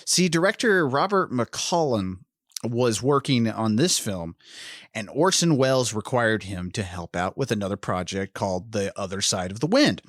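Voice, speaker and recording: A man's voice: lowish voice, expressive, moderate pace, no room sound, studio quality. A man co-hosting a film podcast, rambling and profane, with restarts and laughs. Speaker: podcast co-host. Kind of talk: casual film podcast chat.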